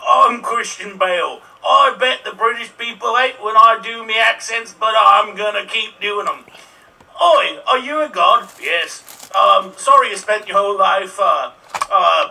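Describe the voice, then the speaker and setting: Bumbling thunder god played by a man, boastful, self-mocking, bright high voice, distant mic. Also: creaky, slight background noise, heavily acted. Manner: rambling, self-mocking, fake accent.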